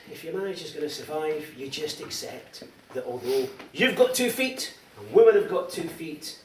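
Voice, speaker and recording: A middle-aged Scottish man with a somewhat high voice cracks jokes as an after-dinner speaker, teasing and telling lively anecdotes in a comic speech. He's in a big dining hall, so the sound is echoey, recorded from a distant mic with background noise.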